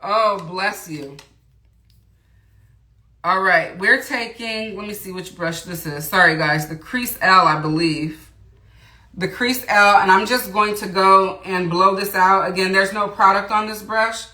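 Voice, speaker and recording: A chatty woman talks through her makeup on a livestream, greeting viewers and reading their comments as she goes. Her voice is bright and clear, and the room around her sounds roomy and echoey. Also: mid-range voice, measured pace. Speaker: beauty livestream host. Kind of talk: casual makeup tutorial livestream. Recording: roomy echo.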